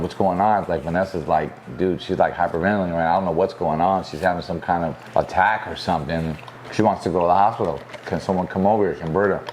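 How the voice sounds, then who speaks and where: A young man with a very low voice chats to the camera in a laid-back way, acting out what was said in quick retellings. He talks fast, with a faint room ambience underneath. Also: a little mellow, a little hiss or hum. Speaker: vlog co-host. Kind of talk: casual storytelling to camera.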